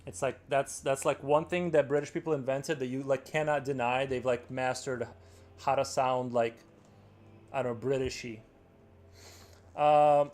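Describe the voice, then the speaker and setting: A man's voice: medium pitch, fairly even intonation, measured pace, a little mellow. A man chatting casually on a live stream, rambling and using "like" a lot. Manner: rambling, heavy filler "like".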